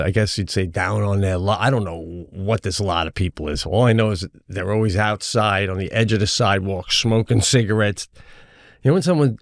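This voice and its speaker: A middle-aged man co-hosting a podcast, telling a story in a casual, animated way, swearing freely and acting out the people in it. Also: fairly low pitch, dry recording, studio quality. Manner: animated, profane, acts out the people in his stories. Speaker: podcast co-host.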